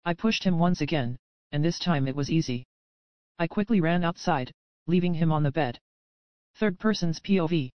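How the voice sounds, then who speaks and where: A woman narrating a dark romance audiobook in the first person with a steady, even reading. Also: low-pitched, moderate pace, no echo, lo-fi sound.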